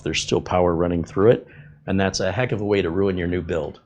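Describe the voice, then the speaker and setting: A man's voice: low voice, fairly even intonation, fast talker, darkish tone, slight background noise. A middle-aged man, a tech host, chatting casually and rambling off on tangents while he works on a computer build. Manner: rambling, conversational, with fillers and tangents. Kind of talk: casual chat while working.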